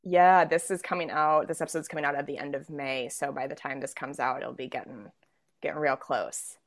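Lively young woman hosting a podcast. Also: low-pitched, a little fast. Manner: lively, laughs often, enthusiastic. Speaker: podcast host. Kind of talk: casual interview chat.

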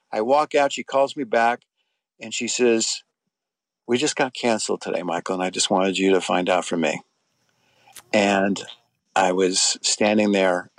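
A middle-aged man with a gravelly, fairly low voice, recorded close and dry. He tells his story in a loose, meandering interview style, circling back and restarting his sentences as he goes. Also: no room sound. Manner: rambling, with frequent restarts and fillers. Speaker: interview guest. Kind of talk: conversational storytelling.

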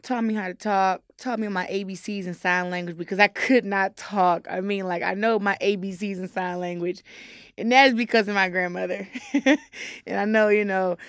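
A young woman giving a candid interview, talking haltingly with many fillers. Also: mid-range voice, fairly even intonation, clean tone, dry recording, studio quality. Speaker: interview guest. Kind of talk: casual interview talk.

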